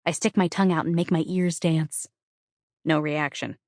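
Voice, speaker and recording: A woman's voice: low voice, steady tone, normal speed, a little mellow, no room sound, clean studio sound. A woman narrating a novel in the first person, with a wry, conversational, self-deprecating delivery. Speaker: audiobook narrator.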